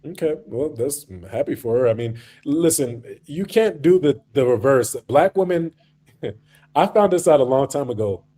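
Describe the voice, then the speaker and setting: A man's voice: mid-range voice, expressive, moderate pace, mellow. A man hosting a livestream, arguing bluntly and telling stories in slangy casual talk, acting out quotes. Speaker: livestream host. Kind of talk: casual streamed debate talk.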